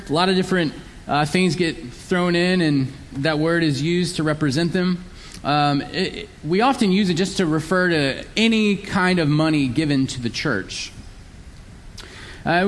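A man preaches a sermon, explaining scripture in an earnest, teaching way, with a voice pitched a little high. He sometimes slips into mocking, sarcastic voices to act out the people he is describing. A long reverb trails his words, as in a church sanctuary. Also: slight background noise.

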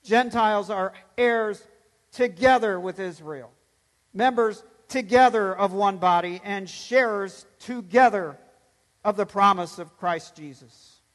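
Male pastor, high-pitched, emphatic sermon delivery, long church reverb. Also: takes it slowly, a bit bright. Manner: emphatic preaching, swells and drops for stress.

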